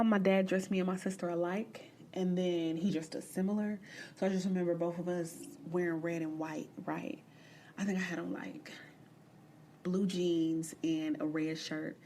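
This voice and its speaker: A young woman from the American Midwest hosting a podcast, telling a personal story in a blunt, profane and animated way. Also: lowish voice, a little hiss or hum. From Midwestern United States. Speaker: podcast host. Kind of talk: candid storytelling monologue.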